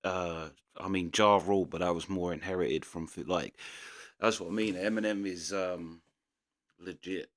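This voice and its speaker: Deep-voiced London man rambling casually. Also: fairly even intonation, moderate pace. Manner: rambling, loose, full of restarts and fillers. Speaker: reaction video host. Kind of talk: casual commentary.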